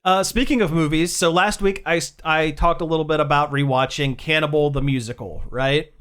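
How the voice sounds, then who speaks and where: A podcast co-host telling an animated story in casual chat, laughing often. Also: mid-range voice, brisk, clear, resonant tone.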